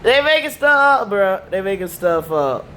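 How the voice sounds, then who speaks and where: A man's voice: sits high, sing-song, moderate pace, pushed and bright, slight background noise. A man with damaged vocal cords, ranting in a rambling, repetitive, slangy way. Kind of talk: casual rant to camera.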